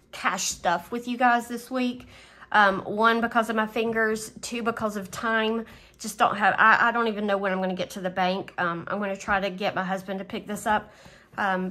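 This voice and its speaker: A woman's voice: medium pitch, fairly bright tone. Chatty woman talking through a budget. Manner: chatty, thinking aloud with fillers. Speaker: budgeting vlogger. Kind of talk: casual budget walkthrough.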